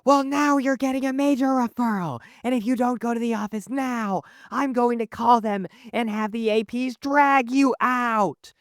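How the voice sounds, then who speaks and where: A man voicing a strict, furious female schoolteacher in a shrill, scolding tone. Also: normal speed, hardly any pauses, dry recording.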